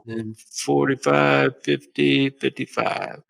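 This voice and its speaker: Bright-voiced man running a tabletop game. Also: mid-range voice, steady tone, slow pace, creaky, rough recording. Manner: loose and joking, swears freely. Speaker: game master.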